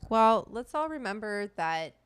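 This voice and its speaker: A woman's voice: mid-range voice, very animated, unhurried, clean tone, no echo. Blunt, profane woman ranting casually. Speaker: cooking show host. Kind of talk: casual livestream chat.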